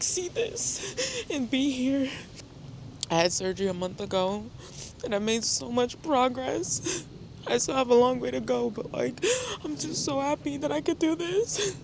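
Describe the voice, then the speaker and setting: A woman's voice: on the high side, gravelly, a little hiss or hum. A woman vlogging on a wooded park trail, talking to her viewers in a chatty, emotional way. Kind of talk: casual vlog talk to camera. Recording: background music over outdoor voice.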